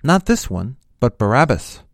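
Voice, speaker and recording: An angry crowd demanding loudly, as a man reads it. The voice rises high and loud over a low base. The sound is dry and close. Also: measured pace, no echo. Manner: loud, raised shouting read.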